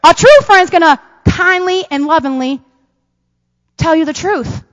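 Woman pastor, high voice, lively sermon, long hall reverb. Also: unhurried. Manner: lively preacher, swings between loud emphasis and soft asides.

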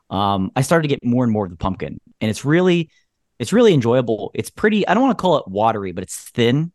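Describing a beer while chatting casually, this podcast co-host keeps things playful, tossing out puns and frequent laughs. He speaks in a mid-range voice, recorded cleanly in a studio without echo.

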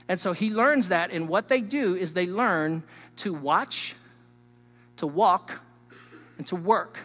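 A man preaching a sermon as a pastor, emphatic and teacherly, swinging between loud stresses and hushed asides while he speaks straight to his listeners. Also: sits high. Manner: teacherly, addresses the listeners directly. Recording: long hall reverb.

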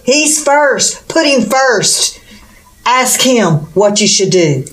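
A woman's voice: on the high side, very animated, takes it slowly. A woman preaching a sermon with fervent, exclamatory delivery and rhetorical questions.

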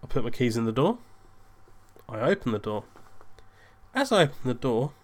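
A man's voice: medium pitch, normal speed. A young man telling a casual anecdote, rambling and correcting himself, livening up when quoting himself. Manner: rambling, self-interrupting, animated in quoted bits. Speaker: storyteller.

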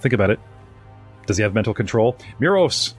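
A man's voice: fairly low pitch, very animated, brisk, husky, faint music behind. A man hosting a live-streamed tabletop game, chatty and rambling as he introduces his players. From North America. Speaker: game master and podcast host.

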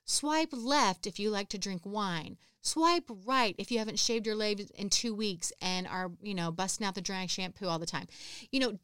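A woman's voice: mid-range voice, fairly bright tone, smooth, no echo, clean studio sound. A woman in her thirties hosting her own podcast, chatting casually and poking fun at herself, often laughing. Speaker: podcast host. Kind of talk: casual solo podcast chat.

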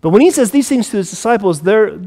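A man preaching a sermon, sometimes hushed and intimate, sometimes loud and emphatic when reading scripture. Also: sits high, lively intonation, quick pace. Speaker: pastor. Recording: long reverb of a large hall.

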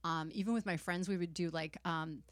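A woman actor speaks as a podcast guest, gushing and bubbly, with lots of "like" and "you know." Her voice sits a little low for a woman, and the recording is dry and close. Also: steady tone, brisk, no room sound. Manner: bubbly, gushing, filler-heavy. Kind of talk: casual chat.

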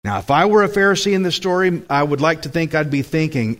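A man's voice: a little high, expressive, fast talker, few pauses. A man preaching a sermon with emphatic delivery, putting questions to the congregation.

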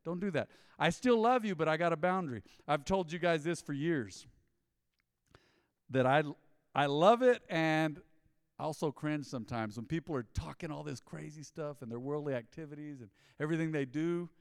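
Guy pastor preaching in a church, fairly high voice, close dry mic but a long hall tail behind it, tells stories and does everybody's voices. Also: normal speed, clear, resonant tone. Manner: animated storytelling, mimicking people in quoted asides. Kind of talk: conversational sermon.

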